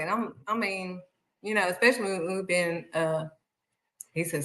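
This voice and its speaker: A woman giving a casual, animated faith talk, speaking straight to her viewers. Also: lowish voice, measured pace, roomy sound, low-quality recording. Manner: animated, acts out excited voices and exclamations; talks straight to viewers, calling them honey. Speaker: faith vlogger.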